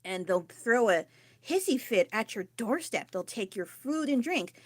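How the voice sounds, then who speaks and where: A woman talking loudly and candidly into her phone mic during a casual live stream, rambling and swearing casually. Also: a little high, animated, a little slow, no echo. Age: adult. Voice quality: loud, raised voice.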